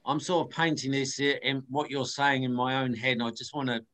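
A man asking a long, halting question on an online call, with hesitations and restarts. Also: medium pitch, fairly even intonation, fairly bright tone, poor audio.

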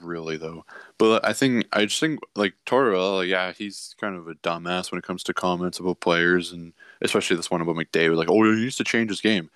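A man in casual sports chat, ranting and mocking with quick animated bursts. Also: deep voice, smooth, no echo.

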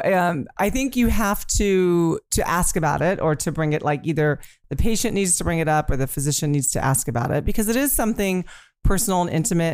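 A woman gynecologist on a talk show, calmly explaining medical matters in a steady, explanatory way. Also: deep voice, no echo, studio quality. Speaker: gynecologist guest.

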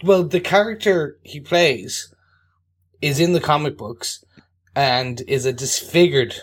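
A man's voice: on the high side, slow, husky. A man co-hosting a podcast, chatting casually and making jokes, often stammering and restarting his phrases. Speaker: podcast co-host.

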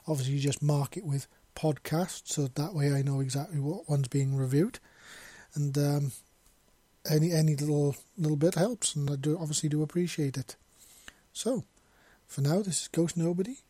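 A Welsh man reads his own fanfiction for a podcast, chatty and a little self-deprecating, now and then tripping over a word and starting it again. His voice is mellow and dark with a husky edge. The recording is dry and close. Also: fairly high pitch, moderate pace, dry recording. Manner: chatty, self-deprecating, stumbles and restarts words. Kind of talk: casual intro then story reading.

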